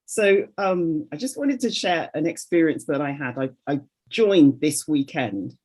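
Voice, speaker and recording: A woman's voice: deep voice, animated, unhurried, a little mellow, breathy edge. A woman calling in to a group coaching call over video, candidly sharing a personal story and acting out her own inner voices.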